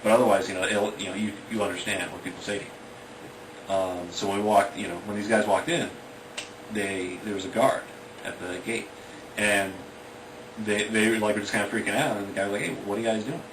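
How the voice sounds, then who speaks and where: A man's voice: on the low side, little pitch movement, brisk. A man casually retelling a story in a rambling way, full of fillers like "you know" and "like". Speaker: author retelling his book. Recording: distant, echoey and noisy.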